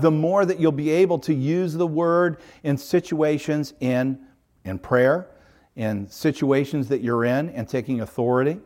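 A man's voice: fairly high pitch, unhurried, darkish tone. A middle-aged man, a pastor, preaching a sermon in an earnest, emphatic way, stacking up repeated parallel phrases.

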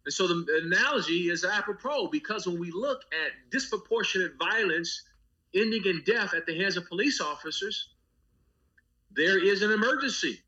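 A man who is a pastor speaks passionately in an interview, his high-pitched voice bright, forceful and expressive at normal speed. He uses a preacher's rhythmic delivery, repeating phrases and building long lists, and the audio is dull.

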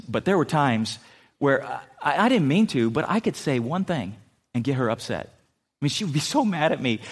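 A middle-aged man preaching a sermon in church, telling funny stories and putting on playful voices with sudden loud jumps. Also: on the high side. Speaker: pastor.

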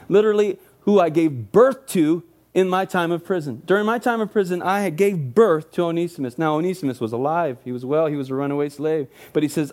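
A high-pitched man preaching a sermon. He climbs and gets louder as he reads scripture aloud, then drops into quick, joking asides to his listeners. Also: faint music behind. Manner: lively preaching, rising loud when reading scripture, joking asides. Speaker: pastor.

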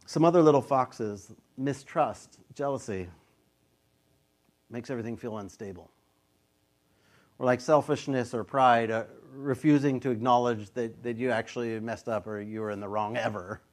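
A middle-aged pastor preaching in an easy, talky style. He is a man in his fifties with a voice of average pitch, and he now and then slips into the voices of the people he quotes. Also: moderate pace. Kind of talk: sermon.

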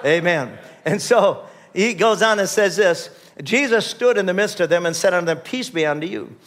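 A man with a notably high-pitched voice preaches a sermon. He reads scripture aloud and sometimes breaks into sudden emphatic rises. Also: lively intonation, moderate pace, fairly bright tone. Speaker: pastor.

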